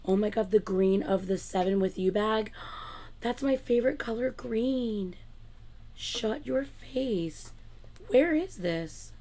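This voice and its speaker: A woman hosting a casual livestream, chatting excitedly and laughing loudly between lines. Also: medium pitch. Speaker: livestream host.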